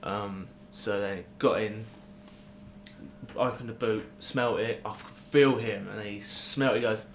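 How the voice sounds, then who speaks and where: A man's voice: fairly low pitch, steady tone, measured pace. A man chatting casually as a podcast co-host, telling a long, rambling, sweary story with laughs. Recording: echoey room with faint noise.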